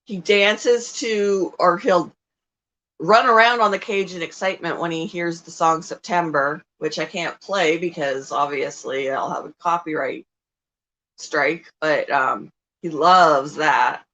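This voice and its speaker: A woman's voice: sits low, unhurried, fairly bright tone, poor audio. A middle-aged woman hosting a casual livestream, chatting in a rambling way with frequent ums as she talks about her pets. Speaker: livestream host and pet keeper.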